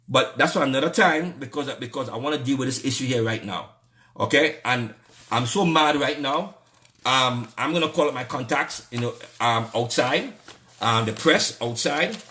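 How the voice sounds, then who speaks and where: A man with a Trinidadian accent rants about politics, voice heated and indignant. He hammers his points by repeating himself, at an ordinary middle pitch. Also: sharp tone. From Trinidad and Tobago. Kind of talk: angry political rant.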